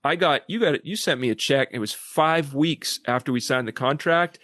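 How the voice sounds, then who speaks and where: Animated man telling stories in a chat. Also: on the high side, normal speed, dry recording, clean studio sound. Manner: animated storyteller who acts out quotes in lively voices. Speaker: podcast guest. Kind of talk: casual discussion.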